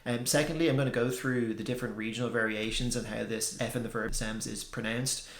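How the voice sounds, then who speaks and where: Give me a young man teaching in a casual video lesson. His voice is gravelly, sits at an everyday middle pitch and has an easy, explaining manner. The room around him is echoey. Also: fairly quick. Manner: relaxed explaining, many ums. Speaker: language teacher.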